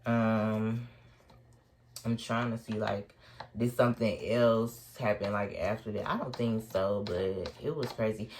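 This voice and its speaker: A man's voice: lowish voice, a little slow, slight background noise. A young man telling a wild story in a casual storytime vlog, swearing constantly and laughing as he talks. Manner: animated, swears constantly, laughs while talking. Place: indoors at home, sipping a drink.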